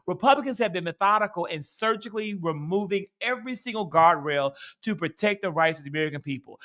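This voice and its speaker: A man co-hosting a casual political podcast, talking in animated, profane rants with sudden loud outbursts. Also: sits high, brisk, few pauses. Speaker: podcast co-host. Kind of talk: heated casual political chat.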